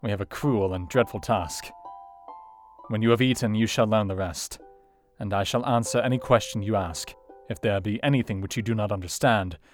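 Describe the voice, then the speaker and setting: An actor playing an earnest, grave Victorian male doctor in a dramatized reading of a classic novel, with a formal, gentle and solemn manner. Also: on the low side, normal speed, soft background music, lightly acted.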